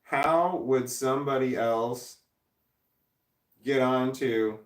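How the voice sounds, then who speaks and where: An American man hosting a casual livestream, reading viewer comments aloud and rambling, thinking out loud and trailing off. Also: mid-range voice, takes it slowly, roomy sound, far from the mic. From United States. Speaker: livestream host.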